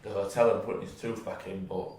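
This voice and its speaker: A man's voice: deep voice, level tone, fast, a little mellow, echoey room. A young man, co-hosting a podcast and telling stories in a loose, chatty way with casual swearing. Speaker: podcast co-host. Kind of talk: casual chat.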